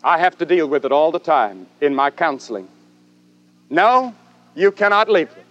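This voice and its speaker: An older man preaching a sermon dramatically, with swelling repetitions and long pauses. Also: on the high side, very animated, a bit bright, highs cut off. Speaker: evangelist preacher.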